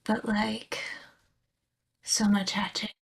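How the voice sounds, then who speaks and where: A young woman from the UK chatting casually on a stream, softly spoken and often dropping into a whisper. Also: medium pitch, flat delivery, slow pace, creaky, husky. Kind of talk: casual stream chat, reading and answering chat.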